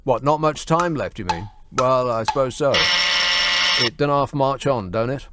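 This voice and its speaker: A man's voice: medium pitch, normal speed, heavy background noise. A British man hosting a radio phone-in, talking in a dry, teasing, sarcastic way. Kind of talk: late-night radio phone-in chat. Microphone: studio microphone.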